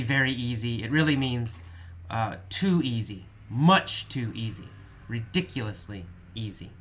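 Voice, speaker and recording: Man, English teacher, patient vocabulary lesson, repeats definitions, bright tone, mid pitch. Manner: patient, repeats definitions slowly with many restatements. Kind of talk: vocabulary lesson explaining words.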